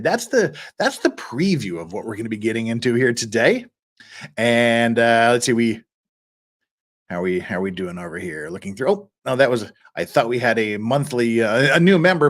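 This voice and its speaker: A man's voice: medium pitch, fairly bright tone. A middle-aged man hosting a live stream, chatting casually, reading out viewer comments and laughing often. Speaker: livestream host.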